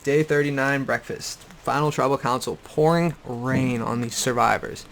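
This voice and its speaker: A man's voice: medium pitch, moderate pace, creaky, fairly bright tone, slight background noise. Profane young guy recapping. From Boston area. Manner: profane, blunt, repeats himself. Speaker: YouTube recap host. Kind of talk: casual rant-style show recap. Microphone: desktop USB microphone.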